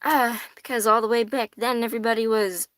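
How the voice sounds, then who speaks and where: A woman's voice: fairly high pitch, steady tone, a little fast, fairly bright tone, dry recording. A young woman from the US hosting a casual livestream, chatting with viewers, swearing freely and laughing often. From United States. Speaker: tarot livestream host. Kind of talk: casual livestream chat reading viewer comments.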